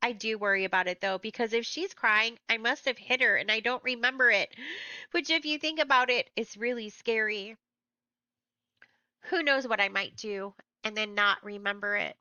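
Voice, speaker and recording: Woman narrator for a young-reader audiobook; bright, slightly high, close and dry. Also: normal speed, no room sound, highs cut off. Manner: plain, conversational storytelling. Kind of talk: first-person novel narration.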